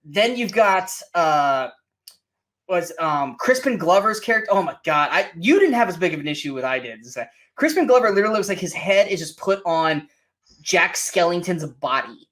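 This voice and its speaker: A man co-hosting a casual movie review show, animated and mocking, often acting out quotes from scenes. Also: sits high, moderate pace. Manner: animated, mocking, acts out quotes in silly voices. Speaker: podcast co-host.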